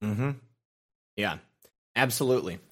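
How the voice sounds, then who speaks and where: A man's voice: fairly low pitch, lively intonation, a little slow, fairly bright tone. A man hosting a live political stream, casually reading out viewer comments with frequent fillers. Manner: rambling, reads names with fillers.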